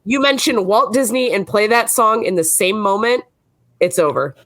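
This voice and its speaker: A woman's voice: mid-range voice, normal speed. A woman on a podcast, eagerly telling a story and filling her talk with "like". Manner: excitable, gushing, many "like"s. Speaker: team member.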